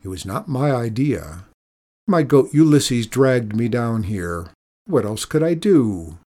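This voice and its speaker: A man's voice: medium pitch, big pitch swings, slow pace, a little mellow. A man voicing a sly, good-humored old lighthouse keeper who talks in a wry, teasing way.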